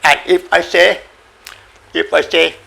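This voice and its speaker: Gravelly, bright-voiced man giving a dharma talk. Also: fairly high pitch, flat delivery. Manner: repetitive, halting, coughs and says sorry, playful animal sounds. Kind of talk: informal spoken dharma talk.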